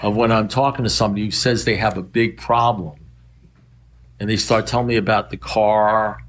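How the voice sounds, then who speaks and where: A man's voice: lowish voice, fairly even intonation, moderate pace. An older man speaking at a recovery meeting, telling rambling stories in a wry, blunt manner.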